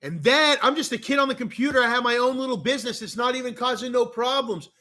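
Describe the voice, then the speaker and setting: A man's voice: very high-pitched, quick pace, pushed and bright. A man with a Canadian accent telling a long, rambling story in a casual rant, swearing often and talking with a lot of animation. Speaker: streamer.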